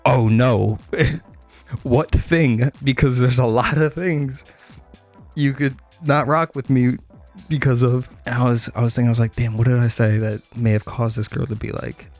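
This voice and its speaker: This young male streamer has a medium-pitched, darkish voice with fairly even intonation and a moderate pace. He rambles through a storytime, cursing openly, stacking fillers and chuckling at his own digressions, with soft music behind him.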